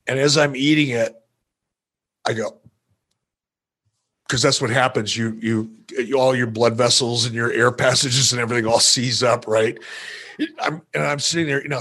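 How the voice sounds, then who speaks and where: Male podcast guest, mid-pitched, casual profane raconteur who cracks himself up. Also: a bit bright. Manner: profane, playful, self-amused. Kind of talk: casual storytelling.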